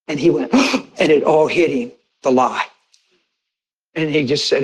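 A man's voice: measured pace, breathy edge, low-quality recording. A male pastor preaching a sermon, telling a personal story in a conversational way and acting out conversations with bursts of laughter. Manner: animated, re-enacts conversations with rising pitch and bursts of laughter; conversational, direct address to congregation.

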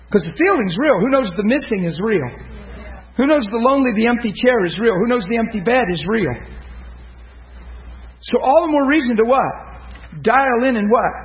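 High-voiced impassioned male preacher. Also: low-quality recording. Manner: impassioned, shouting peaks, drops to hushed storytelling. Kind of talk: sermon.

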